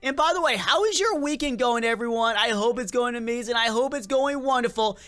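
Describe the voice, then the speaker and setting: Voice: mid-range voice, animated, a little fast, hardly any pauses, fairly bright tone. A gaming video creator with a slight accent and a lingering cold, giving playful, chatty gameplay commentary straight to viewers.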